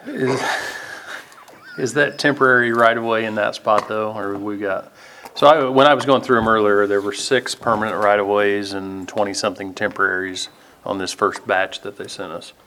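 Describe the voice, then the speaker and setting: A man's voice: fairly low pitch, steady tone, moderate pace, bright, forceful tone, slight background noise. A man chairing a public board meeting, calling motions and votes and reading agenda items aloud.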